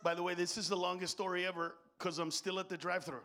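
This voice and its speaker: Middle-aged comic man ranting, high voice, swears a ton, goes from muttering to yelling. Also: fast talker, noisy background. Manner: profane, animated, swings from mutters to shouts. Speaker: stand-up comedian. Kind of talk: stand-up comedy.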